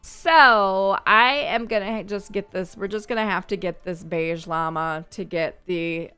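A woman hosting a gaming channel, chatting and thinking aloud as she comments on her gameplay, quick to laugh. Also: medium pitch, steady tone, bright, forceful tone, smooth, soft background music.

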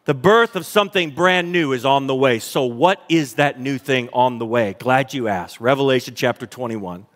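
A man preaching a sermon as pastor, fervent and exclamatory, speeding through lists and slowing down to stress scripture. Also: medium pitch, fairly bright tone. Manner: fervent, exclamatory, fast bursts then slow emphatic readings. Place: large church auditorium. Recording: long church hall reverb.

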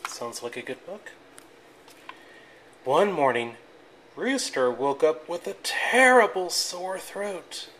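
Slow, expressive storybook reader. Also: medium pitch, slight background noise. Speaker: reader of a picture book. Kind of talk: reading a children's book aloud.

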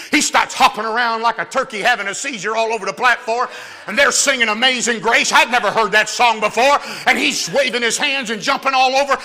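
A man tells his life story from a church platform in a very high, piercingly bright voice, swinging from hushed asides into shouted punchlines. His comic, animated preaching rings out with the long reverb of a large hall. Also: brisk. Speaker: guest speaker giving his testimony. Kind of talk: comic testimony preaching to a youth rally.

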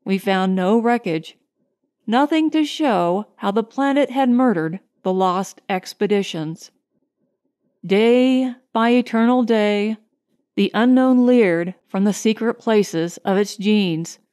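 A woman reading a science fiction short story aloud in a measured, grave storytelling manner. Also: medium pitch, a little mellow. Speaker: audiobook narrator. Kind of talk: scripted narration.

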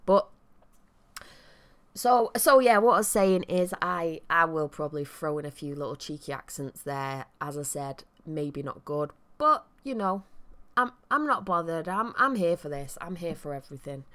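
Chatty Mancunian woman, slightly low voice. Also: lively intonation, normal speed, fairly bright tone. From Manchester, England. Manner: chatty, rambling, self-deprecating asides. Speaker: let's play commentator. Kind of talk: casual gameplay commentary.

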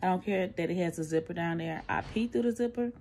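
A woman's voice: fairly low pitch, fast, darkish tone, a little hiss or hum. A middle-aged woman, chatting candidly to a phone camera at home, out of breath and tired after surgery. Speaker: vlogger. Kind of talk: casual post-surgery recovery vlog.

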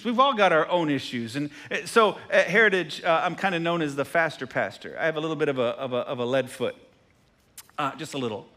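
A man preaching a sermon as pastor, animated and jokey, who repeats phrases and asks the congregation questions. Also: fairly high pitch. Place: church sanctuary.

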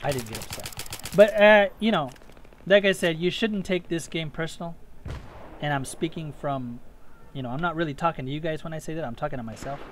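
A man's voice: fairly high pitch, brisk, slight background noise. A man giving rambling, self-mocking voice-over commentary on his own gameplay, easily getting worked up. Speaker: gaming commentator.

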